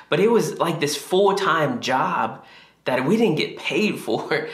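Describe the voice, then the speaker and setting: A man preaching a sermon as a pastor, earnest and confessional, climbing higher when he acts out his own prayers. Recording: echoey room.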